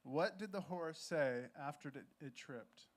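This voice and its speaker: A man appearing as a guest on a church stage, telling his story in a relaxed, conversational way, correcting himself as he goes and joking along with the host. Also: a little high, a little slow.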